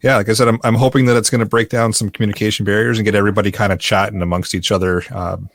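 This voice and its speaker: A Canadian man hosting a casual podcast chat, relaxed and chuckling as he runs through the segments. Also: on the low side, very fast, gravelly. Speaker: podcast host.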